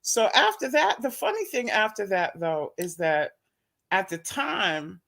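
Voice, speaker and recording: A woman's voice: mid-range voice, big pitch swings, a little slow, creaky, a bit bright. A woman telling a personal story in casual chat, acting out both sides of the conversation and laughing often. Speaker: guest.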